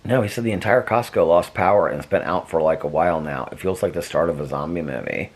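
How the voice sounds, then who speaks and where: Chatty man with a husky voice. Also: low voice, fast. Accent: American. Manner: chatty, rambling, talks to his dog. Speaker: vlogger. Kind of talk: casual chat. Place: home, indoors. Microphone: camera.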